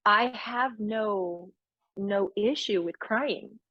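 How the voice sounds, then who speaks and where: A middle-aged woman coach talking openly in a casual conversation, animated and emotional, laughing often as she tells stories. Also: mid-range voice, very slow, no echo, muffled recording. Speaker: business coach.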